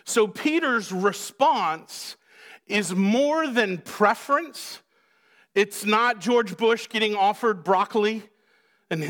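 A man's voice: sits high, slow, a bit bright. A male pastor preaching a sermon in a conversational, joking way, acting out the quoted lines.

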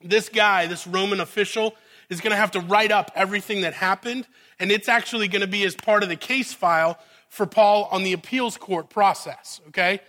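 Bright, high-voiced preaching man. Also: moderate pace. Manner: conversational, asks the audience "right?" often, dramatizes the scene. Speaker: pastor. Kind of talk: sermon.

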